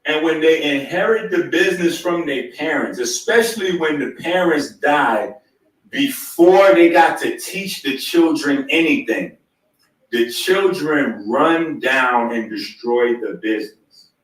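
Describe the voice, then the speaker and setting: A high-voiced man holds the floor, insisting on being heard and spelling out his points slowly and deliberately. The sound is roomy and echoey, picked up from some distance off the mic. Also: lively intonation, fairly bright tone. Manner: insistent, keeps cutting in to demand to be heard; slow, deliberate lecturing. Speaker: host. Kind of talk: heated argument, then lecturing.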